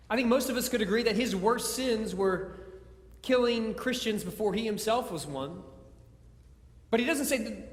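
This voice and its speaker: In an echoey church sanctuary, a man with a high-pitched voice and moderate pace preaches a conversational sermon. He mixes jokes with scripture, often stumbling and repeating words.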